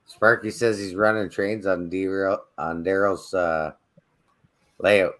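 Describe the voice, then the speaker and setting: Low-voiced man asking quick questions. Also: steady tone, a bit bright. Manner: asks short questions. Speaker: guest in hangout. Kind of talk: casual chat.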